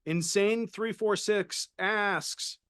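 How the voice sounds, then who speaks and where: Speaking extremely slowly in a high, fairly bright voice with a clear, resonant tone, a man co-hosts a casual podcast as its paranormal consultant. He chats comfortably and reads out questions from viewers, with clean studio sound and no echo.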